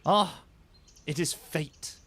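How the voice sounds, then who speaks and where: A man's voice: fairly high pitch, extremely slow, a bit bright. A man voicing a boastful, reckless male toad disguised as a washerwoman, swaggering and gleeful in a storybook reading. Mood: wheedling.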